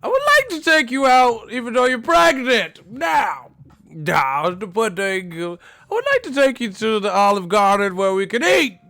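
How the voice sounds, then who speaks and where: A man putting on a voice for an awkward, overly formal man asking a pregnant woman out on a date, loud and stilted. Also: very high-pitched, sing-song, a little slow, soft background music, pitched above the performer's own voice, full character voice. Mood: awkwardly earnest.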